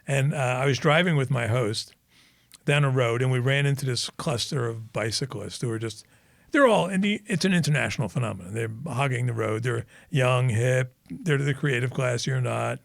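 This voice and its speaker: A man's voice: mid-range voice, normal speed, vocal fry, dry recording, studio quality. A man co-hosting a podcast, chatting casually and telling rambling anecdotes while laughing at his own jokes. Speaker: podcast co-host. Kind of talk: casual chat.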